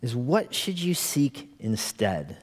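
A man's voice: mid-range voice, very animated, slow pace. Earnest male pastor in a reverberant hall. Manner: earnest, asks the congregation many rhetorical questions; repeats phrases for emphasis, chuckles now and then. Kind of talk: conversational sermon. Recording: long hall reverb in a church.

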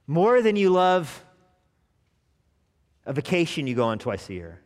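Animated preacher in a reverberant church. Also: male voice, a little high, a little slow. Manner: animated preaching, dropping to quiet asides. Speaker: pastor. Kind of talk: sermon. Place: church sanctuary. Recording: long reverb of a church hall.

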